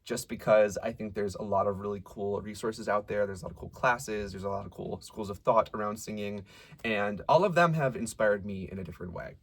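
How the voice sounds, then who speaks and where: A young man coaching rock singers through vocal warm-ups, explaining calmly and sometimes singing short drills. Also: on the low side, brisk, creaky. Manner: relaxed and encouraging, demonstrates sung warm-up drills. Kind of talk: singing lesson with sung exercises.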